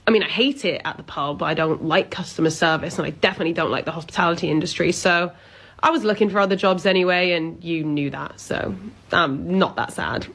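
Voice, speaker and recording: Deadpan sarcastic woman. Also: on the low side, a little fast. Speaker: comedy sketch creator playing both worker and boss. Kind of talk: comedic workplace sketch acting.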